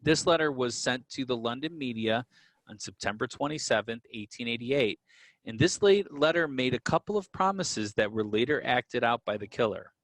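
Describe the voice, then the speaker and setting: A man's voice: mid-range voice, normal speed, no echo. Man co-hosting a casual podcast, dry sound. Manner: relaxed, with fillers and restarts, explaining history. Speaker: podcast co-host. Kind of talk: casual conversational storytelling.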